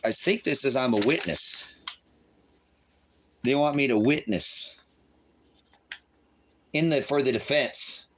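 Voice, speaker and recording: A man's voice: medium pitch, slow, long pauses, a little hiss or hum. A man angrily ranting on his livestream while reading court papers aloud, swearing and repeating himself. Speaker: livestream host. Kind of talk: agitated livestream rant.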